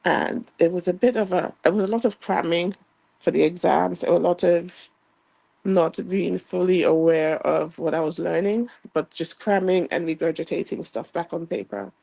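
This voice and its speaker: A woman's voice: on the low side, fairly even intonation, moderate pace, creaky, mellow, dry recording, low-quality recording. A woman telling a personal story from her childhood in a reflective way, acting out what was said back then. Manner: reflective, reenacts childhood dialogue.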